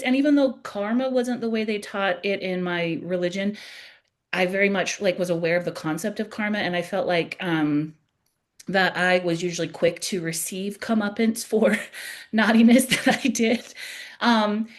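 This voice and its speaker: A young adult woman hosting a podcast, telling a personal story in a casual, animated way, laughing at herself often. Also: mid-range voice, moderate pace.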